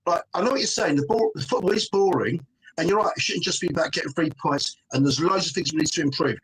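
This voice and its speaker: A man's voice: on the high side, fast, fairly bright tone, a little hiss or hum. A middle-aged man, a guest on a fan panel, arguing emphatically in casual chat, forever tossing in "mate" and "right?". He is joining over a phone call.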